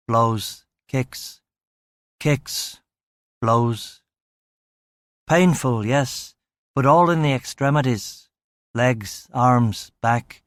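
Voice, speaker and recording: A man's voice: medium pitch, extremely slow, pauses often, no room sound, studio quality. A man narrating a first-person crime novel in clipped, terse fragments. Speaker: audiobook narrator.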